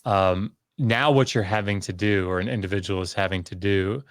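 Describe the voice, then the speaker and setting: Male guest scholar, low voice, candid and self-deprecating, dry sound. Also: dry recording. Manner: candid, self-deprecating, talks in quick bursts. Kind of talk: casual podcast conversation.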